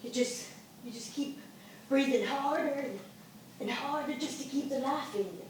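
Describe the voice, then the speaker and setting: A tender, tearful grandmother, played by a woman. Her voice sits high and carries from a distance in a very echoey room. Faint noise lingers in the background. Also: moderate pace, natural voice. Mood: sorrowful. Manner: folksy, tearful. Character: grieving grandmother, tender and loving. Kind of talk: amateur stage drama.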